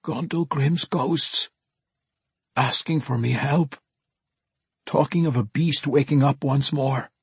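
A man voicing a frightened old male dwarf who speaks in broken, gruff dialect and sounds shaky and breathless. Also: mid-range voice, takes it slowly, pauses often, dry recording, voice pushed up, full character voice. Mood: frightened, bewildered. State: gasping, shaken.

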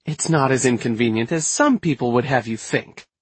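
A man voicing a kind, weary older woman who leads a witches' coven, gentle but firm. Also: medium pitch, normal speed, husky, dry recording, natural voice. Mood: calm, firm.

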